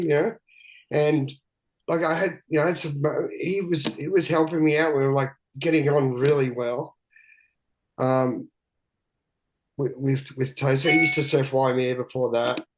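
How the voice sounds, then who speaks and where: A man's voice: mid-range voice, rough recording. A man, a guest telling candid stories in a rambling, profane way with many restarts. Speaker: guest, big-wave surfer. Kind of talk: candid storytelling chat.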